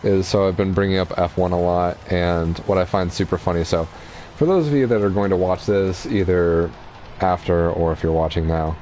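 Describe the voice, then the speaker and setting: A man's voice: low voice, moderate pace, slight background noise. A young man giving casual, chatty commentary while streaming a racing game. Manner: relaxed, chatty, explaining racing strategy.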